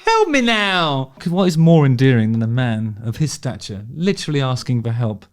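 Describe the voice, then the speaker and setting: Speaking a little fast in a dark-toned, medium-pitched voice, this animated man offers loose, opinionated takes on the concert footage he's watching. He chats away, curses without restraint, starts sentences over and laughs along as he goes.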